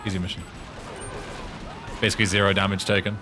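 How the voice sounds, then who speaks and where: A man's voice: sits low, little pitch movement, quick pace, background noise. Swearing British man streaming a game. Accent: British English. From Britain. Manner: swearing, laughing, stumbling through foreign tongue twisters. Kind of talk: casual gaming stream chat.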